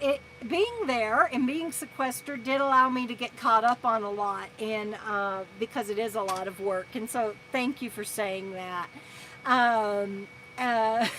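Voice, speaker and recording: A woman hosting a casual live stream, telling stories in an animated way, laughing often and stumbling through restarts as she thanks her viewers. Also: high-pitched, a little hiss or hum, low-quality recording. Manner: halting with repeated restarts.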